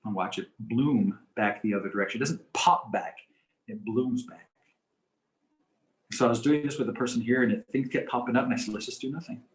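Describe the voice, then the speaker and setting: A man gives a community teaching talk in a calm, measured, explanatory way and often repeats key phrases. His voice sits at an ordinary middle pitch. The recording carries a roomy echo. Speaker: presenter on coping with stress.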